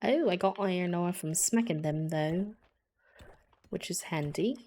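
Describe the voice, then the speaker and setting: A woman's voice: on the low side, measured pace, darkish tone. A woman putting on a jokey British accent. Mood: playful. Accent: put-on British. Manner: playful, exclaiming when hit.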